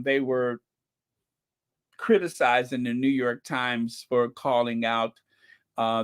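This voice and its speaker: A man hosting his own online channel, chatting casually, reading viewer comments aloud and laughing often as he talks. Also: medium pitch. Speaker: channel host.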